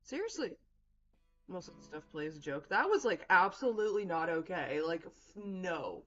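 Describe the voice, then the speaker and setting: A woman's voice: fairly low pitch, moderate pace, highs cut off, faint music behind. Blunt, swearing woman streamer. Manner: blunt, profane, animated reactions. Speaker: game streamer. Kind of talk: let's play commentary.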